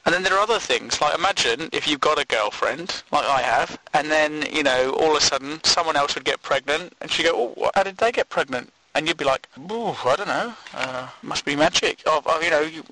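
A man's voice: on the high side, bright, forceful tone, slight background noise, poor audio. A man rambles through a comic monologue, swearing and laughing at his own jokes.

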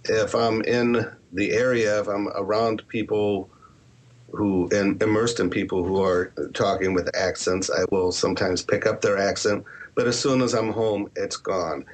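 A man's voice: fairly low pitch, fairly even intonation, a little slow. A man who writes horror and podcasts, answering interview questions in a candid, rambling way with self-deprecating asides. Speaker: author and podcaster.

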